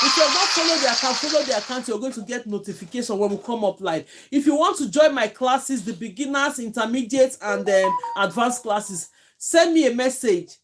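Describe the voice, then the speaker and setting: A woman's voice: on the high side, slight background noise. A woman from Nigeria with a Nigerian accent, teaching hair braiding on a live stream from home, chatting and thanking viewers by name. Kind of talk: live-stream tutorial chat.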